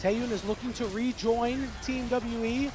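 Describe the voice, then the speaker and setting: A man calling live esports play-by-play, rapid and excitable, bantering with his co-caster. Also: extremely high pitch, music in the background.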